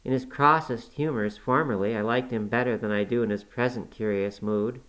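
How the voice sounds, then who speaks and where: A man reading an audiobook voices a spirited, willful teenage girl with a quick, petulant manner. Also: medium pitch, steady tone, fairly bright tone, close to an everyday voice, rough recording. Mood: complaining.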